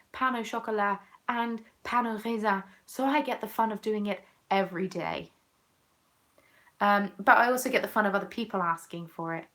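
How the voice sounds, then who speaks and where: A woman's voice: medium pitch, a bit bright. Chatty English woman with muttered asides. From England. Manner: playful and chatty, muttering asides under her breath. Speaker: crafting vlogger hosting a chat. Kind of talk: casual chat.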